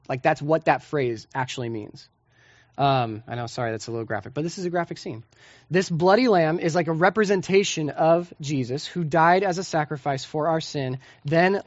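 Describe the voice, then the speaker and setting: A man's voice: a little high, no echo, highs cut off. A young man preaching a sermon as a pastor, talking to the congregation in a casual, conversational way with lots of asides and checking questions.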